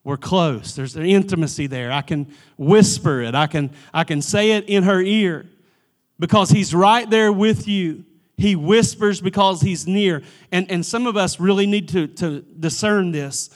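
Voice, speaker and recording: A man preaching a church sermon, swinging from emphatic pleading to hushed, near-whispered lines and often repeating the first word of a phrase. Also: sits high, measured pace. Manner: repeats words at starts of phrases. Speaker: pastor.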